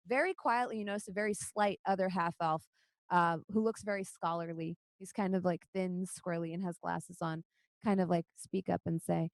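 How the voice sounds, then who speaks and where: A woman's voice: fairly low pitch, fairly even intonation, moderate pace, no room sound. A woman narrating a tabletop game as game master in a descriptive, wry way.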